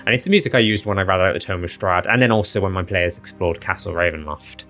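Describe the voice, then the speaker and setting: A man's voice: deep voice, fast talker, fairly bright tone, faint music behind. A man who runs tabletop games, casually explaining a project to viewers in a chatty way that breaks into laughter at silly results. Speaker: dungeon master and video host.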